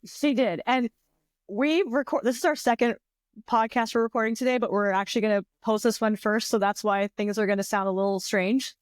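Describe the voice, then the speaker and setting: Young woman podcast co-host, animated and rambling, dry close sound. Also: on the high side, brisk, dry recording. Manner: animated, laughs a lot, rambling. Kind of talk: casual chat.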